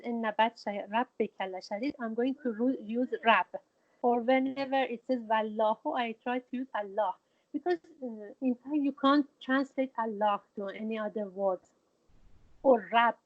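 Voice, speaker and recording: Woman teaching slowly with halting restarts. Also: fairly high pitch. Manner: halting, with frequent restarts and Arabic quotations. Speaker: Quran teacher. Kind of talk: informal religious lesson. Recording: dull lo-fi recording.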